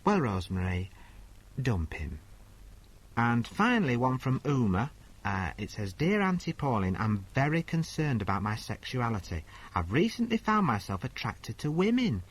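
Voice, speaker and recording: A man playing a husky, bawdy agony aunt. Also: mid-range voice, big pitch swings, moderate pace, poor audio. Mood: brassy. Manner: blunt, bawdy, mock-sincere. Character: brassy crude woman agony aunt. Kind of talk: comedy sketch, reading letters.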